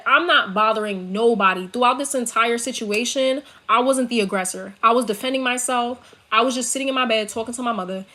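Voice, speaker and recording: Female vlogger, young, New York accent, slightly high voice, fiery swearing storytime to a laptop mic in her bedroom. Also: a bit bright. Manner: heated, profane, emphatic storytelling. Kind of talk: storytime rant to camera. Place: her bedroom, seated on bed. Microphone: laptop built-in mic.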